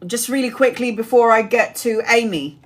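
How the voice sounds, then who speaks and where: Speaking at a fairly high pitch, a forties-aged woman gives a tarot reading over a live stream. She chats bluntly, drops swear words casually, and runs through card meanings in fast lists.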